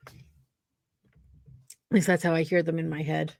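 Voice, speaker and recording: A woman's voice: low voice, flat delivery, normal speed, creaky, a little mellow, no echo. A woman from New Jersey hosting a podcast, chatting casually with dry sarcasm and lots of fillers. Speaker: podcast host. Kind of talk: casual chat.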